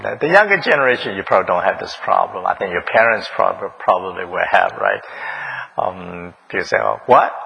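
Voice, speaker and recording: A man's voice: sits low, creaky, pushed and bright, breathy edge, low-quality recording. A man preaching a sermon in a church, questioning the congregation, repeating their answers and chuckling often. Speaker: pastor. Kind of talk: interactive sermon.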